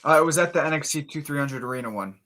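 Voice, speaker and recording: A man hosting a casual interview, talking like an eager, excitable fan. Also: on the high side, rapid-fire. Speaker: podcast host.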